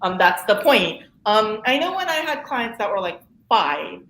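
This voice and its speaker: A woman therapist talking as a guest in a casual interview, chatty and animated, with frequent laughs and fillers. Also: mid-range voice, measured pace. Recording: roomy echo, faint room noise.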